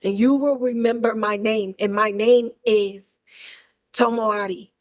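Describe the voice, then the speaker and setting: A woman's voice: fairly high pitch, steady tone, unhurried, natural voice. Give me a blunt, defiant young male singer, voiced by a woman.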